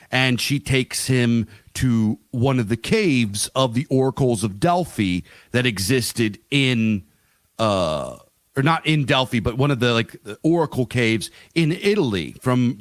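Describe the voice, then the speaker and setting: Middle-aged male co-host, casual and meandering, lots of ums, mid pitch, dry close sound. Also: expressive, a little slow, no echo. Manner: rambling, profane, full of fillers and restarts. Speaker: podcast co-host. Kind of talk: casual chat.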